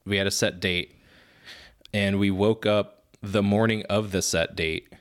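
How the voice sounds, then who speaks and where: A man with a low, deep speaking voice, chatting casually on a podcast. He tells stories with energy and often breaks into laughter at his own tales. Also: steady tone, unhurried, smooth. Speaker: podcast co-host and father. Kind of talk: casual chat.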